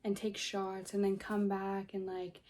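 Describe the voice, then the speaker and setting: A woman's voice: mid-range voice, completely flat delivery, a little slow, darkish tone, a little hiss or hum. A young woman telling a story casually, exasperated, swearing a lot and saying "like" constantly. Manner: profane, filler-heavy, exasperated. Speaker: vlogger.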